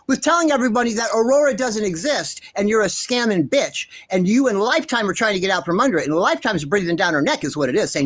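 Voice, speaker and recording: Indignant man ranting, swinging pitch. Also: lively intonation, fast, few pauses, a bit bright, no room sound. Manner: passionate, indignant, profane ranting; repeats himself insistently. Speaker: commentary channel host. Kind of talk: ranting commentary vlog.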